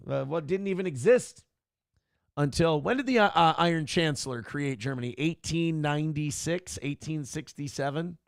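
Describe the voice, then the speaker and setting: A man's voice: on the high side, dry recording, clean studio sound. A man from Minnesota hosting a morning livestream, chatting casually, reading viewer donations aloud and swearing freely with a sarcastic, rambling manner. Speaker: morning show host.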